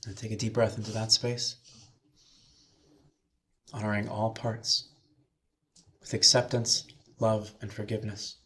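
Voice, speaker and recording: A man minister leading a slow, soothing guided meditation with breathing cues, then speaking to a chapel congregation. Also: lowish voice, little pitch movement, a bit bright.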